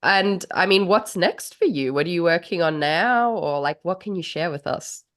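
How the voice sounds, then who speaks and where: A woman's voice: on the low side, expressive, moderate pace, fairly bright tone. A woman co-hosting a casual podcast, nasal from a recent illness, laid-back and swearing casually. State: nasal from a cold. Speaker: podcast co-host.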